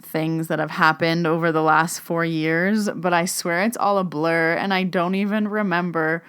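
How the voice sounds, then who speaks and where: A woman's voice: on the low side, fairly even intonation, moderate pace, a bit bright, clean tone. A young woman hosting her own podcast, chatting casually and telling stories, often saying "like" and acting out the dialogue. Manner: chatty storyteller, acts out dialogue, says "like" often. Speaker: podcast host and medium. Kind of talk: casual solo podcast chat. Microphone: podcast microphone.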